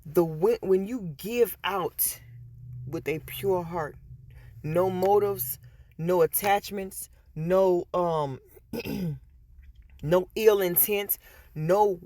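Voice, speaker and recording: Animated woman telling a story. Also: fairly low pitch, drawn-out words, long pauses, no echo. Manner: animated, restarts and repeats words. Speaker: vlogger. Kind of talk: casual storytelling. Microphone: headset.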